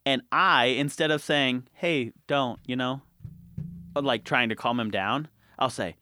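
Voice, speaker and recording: A man co-hosting a casual comedy podcast, telling stories in an animated way and breaking into shrill shouted bits. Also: normal speed, no echo. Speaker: podcast co-host. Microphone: studio podcast mic.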